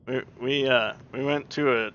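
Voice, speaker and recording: A man streaming, chatting casually and rambling with many pauses and fillers. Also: mid-range voice, steady tone, fairly bright tone, a little hiss or hum. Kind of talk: casual chat. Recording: dull lo-fi mic.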